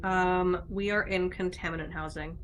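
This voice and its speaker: Low-voiced woman making upbeat plans at the table. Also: fairly even intonation, normal speed, a little hiss or hum, low-quality recording. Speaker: player. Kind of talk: casual tabletop play.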